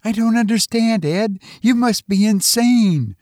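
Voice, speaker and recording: Man voicing a scared housewife, high, wavering, close dry read. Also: measured pace, a little mellow, no room sound. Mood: bewildered. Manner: anxious, bewildered, rising questions. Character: frightened middle-aged housewife.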